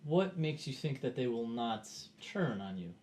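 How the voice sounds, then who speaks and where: A man playing a tabletop game in character, speaking tersely and in a measured way. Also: mid-range voice, big pitch swings, darkish tone, a little hiss or hum. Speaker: player.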